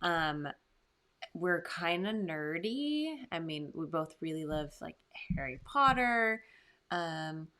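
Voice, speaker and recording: Soft-spoken young woman, hesitant. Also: fairly low pitch, lively intonation, takes it slowly. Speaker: YouTube channel co-host. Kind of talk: casual chat.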